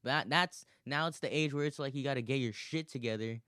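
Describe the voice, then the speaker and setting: A man's voice: mid-range voice, a little fast, pushed and bright, no room sound, clean studio sound. A man in his twenties hosting a podcast alone, rambling casually, swearing a lot and laughing often. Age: 20s. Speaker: podcast host. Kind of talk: casual solo monologue.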